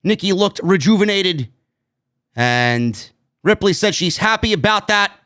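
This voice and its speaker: A man's voice: high voice, expressive, unhurried, fairly bright tone. A man reviewing a wrestling show on his own, blunt and sarcastic, swearing freely. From New York. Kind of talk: opinionated solo show review.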